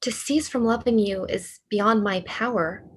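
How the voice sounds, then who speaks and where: A woman's voice: medium pitch, a little slow, slight background noise, natural voice. A woman reading the part of a despairing, lovesick young male writer in a cold reading over a video call, with earnest, pleading delivery. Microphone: computer mic on a video call.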